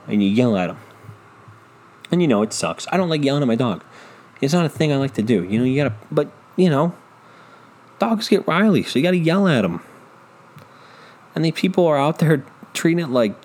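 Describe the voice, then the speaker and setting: A man's voice: fairly high pitch, animated, brisk, darkish tone. A man hosting a solo podcast, ranting in a profane, rambling, self-deprecating way into a microphone. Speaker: podcast host. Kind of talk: casual solo rant. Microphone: studio microphone.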